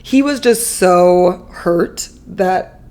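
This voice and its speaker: A woman's voice: fairly low pitch, drawn-out words, a little mellow. A woman in her thirties, a podcast guest, telling a personal story candidly in a chatty, emotional way full of fillers.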